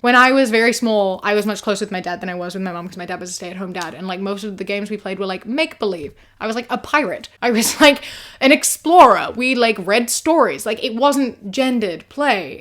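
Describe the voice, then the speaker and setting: A woman's voice: medium pitch, a bit bright. Blunt, exasperated New Zealand woman. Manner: blunt, exasperated, many "like" fillers. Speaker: commentator reading online posts. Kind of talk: casual reaction commentary.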